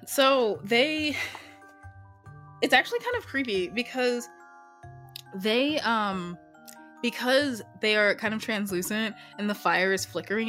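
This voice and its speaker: Woman, casual solo game narrator, profane and rambling, mid pitch, light music underneath. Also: a bit bright. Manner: profane, chatty, self-interrupting. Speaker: solo tabletop game player.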